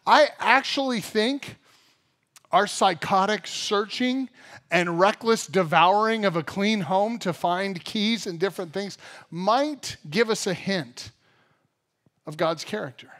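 A man's voice: sits high, slow pace. A man preaching a sermon at a church service, telling funny everyday stories and acting out the voices in them. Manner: animated storyteller, acts out funny everyday scenes. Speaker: pastor.

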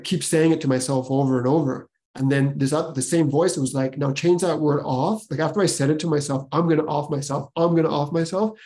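A man's voice: medium pitch, mellow. A man hosting a podcast, telling his personal story casually, rambling and full of filler words. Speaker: podcast host.

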